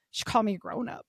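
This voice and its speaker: A woman's voice: dry recording, clean studio sound. A middle-aged woman chatting as a podcast guest, telling stories with lots of laughter and acted-out quotes. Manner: animated storytelling, laughing often, acting out quotes. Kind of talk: casual chat.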